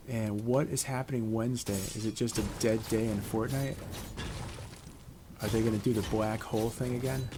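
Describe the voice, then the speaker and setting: Laid-back, low-voiced gaming commentator man. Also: dark tone. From Connecticut, USA. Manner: chatty, rambling, laid-back. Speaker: gaming YouTuber. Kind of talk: casual gameplay commentary. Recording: clear background noise.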